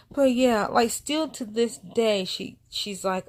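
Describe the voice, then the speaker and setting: A woman's voice: mid-range voice, slow pace, few pauses. A woman vlogger, telling a family story in a casual, rambling way with many asides. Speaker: vlogger and mother.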